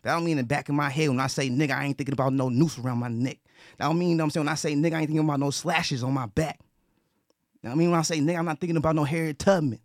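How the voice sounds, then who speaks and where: A man's voice: a little high, racing, dry recording, clean studio sound. A man talking earnestly in casual conversation, repeating himself and restarting his sentences. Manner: earnest, repetitive, with frequent restarts and profanity. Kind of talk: casual talk.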